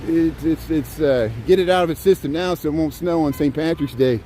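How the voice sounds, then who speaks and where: A man's voice: a little high, a little fast, mellow, faint music behind. A middle-aged man chatting casually to viewers on a livestream as he walks city streets in the snow, rambling and often chuckling. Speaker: live-streaming vlogger. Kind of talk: casual walking livestream chat.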